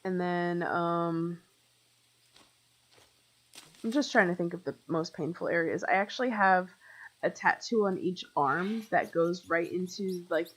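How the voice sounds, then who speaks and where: Young woman, gaming streamer, casual rambling chat, slightly low voice, filler-heavy. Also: unhurried, long pauses, rough recording. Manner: talks to chat viewers directly. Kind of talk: casual chat while playing.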